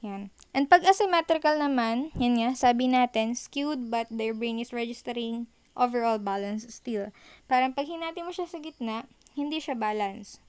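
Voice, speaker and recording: A woman's voice: fairly high pitch, normal speed, darkish tone, clean tone. A woman teacher with a Filipino accent explains art concepts from slides, switching between English and Tagalog and often checking in with her students. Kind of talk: recorded online lecture over slides.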